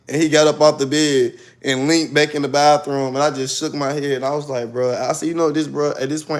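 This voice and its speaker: Guy on a live stream spilling his story, dramatic and loud at times, kinda high voice. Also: a little fast. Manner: animated, dramatic, loud outbursts. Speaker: livestreamer. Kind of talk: livestream storytelling to viewers.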